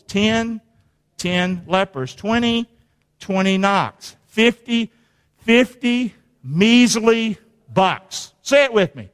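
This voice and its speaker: A man preaches with a high voice that leaps all over the place, shouting one moment and dropping low the next. His words ring through a church sanctuary with long hall reverb. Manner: animated, swings from shouting to low and quiet. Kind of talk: sermon with call-and-response.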